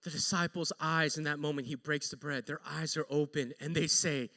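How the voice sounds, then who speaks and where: A man preaching a sermon as an animated storyteller who acts out the people in his story. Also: a little high, moderate pace, few pauses, in a large hall. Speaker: pastor. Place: church sanctuary.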